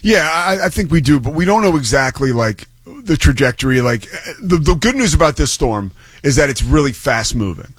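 A man's voice: a little high, big pitch swings, normal speed, breathy edge, no echo. A man who works as a play-by-play broadcaster, talking college football as a guest on a sports radio show, chatty and enthusiastic. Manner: chatty, enthusiastic, loose with fillers. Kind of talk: sports talk radio banter.

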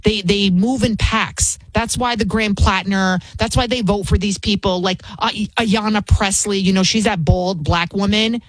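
A woman's voice: medium pitch, fairly even intonation, normal speed, few pauses, dry recording. A woman, hosting an opinionated commentary show in an indignant, repetitive rant.

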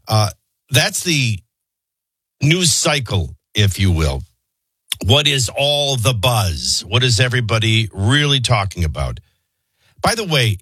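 Husky-voiced talk radio host, low and dry. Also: male voice, pushed and bright, dry recording. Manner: opinionated, sardonic asides. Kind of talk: morning radio news commentary.

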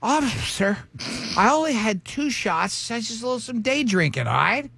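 A man's voice: very high-pitched, big pitch swings, normal speed, vocal fry, sharp tone, breathy edge, voice pushed up, full character voice. A man voicing a tipsy Southern mother with a Southern accent, slurring and sing-song as she brushes things off. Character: tipsy Southern mom, slurring, chirpy, in denial.

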